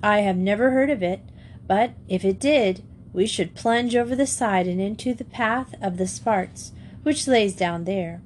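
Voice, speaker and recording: A woman's voice: medium pitch, a little slow, a little hiss or hum, natural voice. A woman voicing a serious, courteous schoolgirl who speaks formally and carefully. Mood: earnest.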